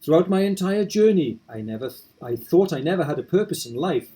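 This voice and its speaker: Earnest young hero, read plain by a guy, mellow low-key voice, steady. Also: a little fast, breathy edge, low-quality recording. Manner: steady, earnest narration of resolve. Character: determined young hero of a monster-trainer game. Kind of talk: reading game dialogue aloud.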